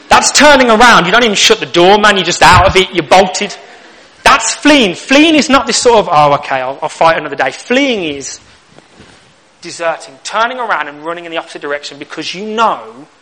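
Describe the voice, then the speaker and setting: A man's voice: sits high, animated, normal speed, bright, forceful tone, poor audio. A young man preaching a sermon, telling stories with humor and acting out little exchanges. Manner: humorous storytelling, acts out lines.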